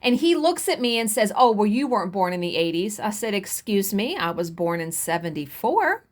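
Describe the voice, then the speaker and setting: A woman in her forties telling a story casually while stitching, animated, swearing freely and acting out what others said. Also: medium pitch, normal speed. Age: 40s. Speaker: cross-stitch vlogger.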